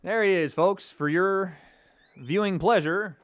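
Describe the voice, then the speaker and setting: A man's voice: high voice, a little slow, no room sound, muffled recording. A man hosting a casual livestream watch party, chatting and reacting to viewer comments. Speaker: livestream host.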